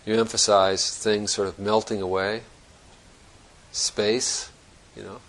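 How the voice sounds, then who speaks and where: Low gravelly-voiced man giving a dharma talk. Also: flat delivery, slow pace, a bit bright, low-quality recording. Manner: reflective, searching, conversational with restarts. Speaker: Zen teacher.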